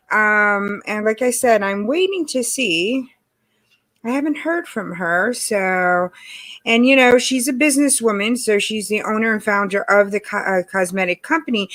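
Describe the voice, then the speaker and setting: A woman hosting a casual livestream, chatty and greeting viewers by name, her voice hoarse from allergies. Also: on the high side, a bit bright. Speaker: livestream host. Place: home in Texas.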